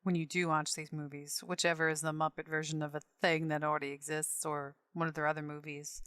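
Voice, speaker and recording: Low-voiced woman, relaxed and thoughtful. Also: brisk, no echo, studio quality. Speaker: podcast co-host. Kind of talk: casual chat.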